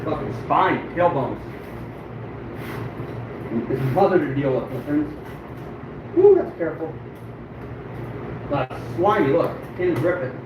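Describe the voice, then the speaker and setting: A fur trapper chats casually with live-stream viewers while he works, swearing often and grumbling at himself in a frustrated, self-deprecating way. His fairly high, sing-song voice is slow with long pauses. The mic sits far off in an echoey room with background noise.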